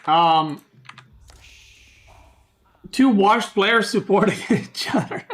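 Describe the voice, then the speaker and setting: A man's voice: high-pitched, extremely slow, fairly bright tone. A man doing casual stream commentary on a strategy game, joking and bickering with his chat and swearing now and then. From Serbia. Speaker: streamer casting a tournament.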